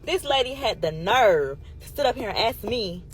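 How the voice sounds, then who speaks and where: A woman telling a casual storytime monologue in an animated, emphatic way, swearing freely and calling her listeners y'all. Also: fairly high pitch, moderate pace, breathy edge, low-quality recording.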